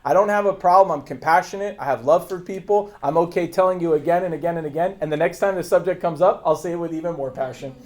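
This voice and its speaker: A man with a high voice gives his agency team a fervent, sermon-like talk. He is blunt and repeats his points over and over, hammering them home with rhetorical questions. His delivery is confrontational and breaks into bursts of laughter. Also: quick pace, few pauses, a little mellow. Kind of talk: fervent motivational preaching.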